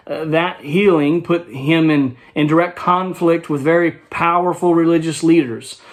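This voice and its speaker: A man teaching a Bible study in a conversational way, explaining a passage verse by verse and checking in with his listeners. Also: fairly high pitch.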